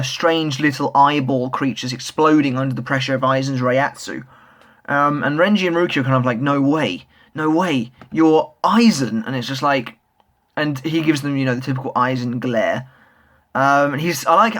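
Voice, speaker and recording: A man's voice: medium pitch, fairly bright tone. A young man reviewing a manga chapter in a casual, rambling way, full of fillers and restarts, speaking as an eager fan. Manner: enthusiastic fan.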